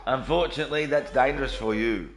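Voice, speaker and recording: A man's voice: mid-range voice, fast, slight background noise. A man live-streaming a game from his home studio, chatting casually and greeting viewers by name.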